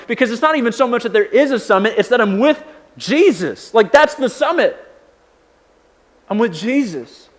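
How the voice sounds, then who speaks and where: A young man preaching as a pastor in a casual, conversational way, telling stories with lots of fillers and restarts. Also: high-pitched. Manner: conversational, animated storytelling with many fillers. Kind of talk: sermon.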